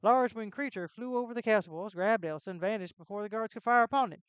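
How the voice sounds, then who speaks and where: A woman's voice: mid-range voice, fast, smooth, no echo, muffled recording, close to an everyday voice. A woman voicing a solemn male castle gatekeeper, reading the game's lines in plain speech. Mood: informative. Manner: plain game-text reading.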